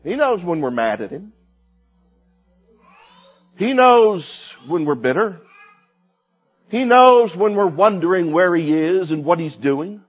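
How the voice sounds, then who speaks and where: A man preaching a sermon, swinging from loud cries to hushed, quiet lines. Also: sits high, animated, slow pace, long pauses, breathy edge. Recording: tinny phone-like sound with faint music.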